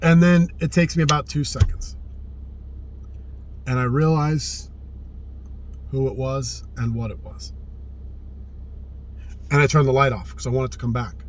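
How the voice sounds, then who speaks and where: A man telling a personal story in casual spoken style, earnest and often hushed, swearing freely and repeating phrases for emphasis. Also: medium pitch, steady tone, measured pace, long pauses, a little hiss or hum. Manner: often drops to a hushed, subdued tone.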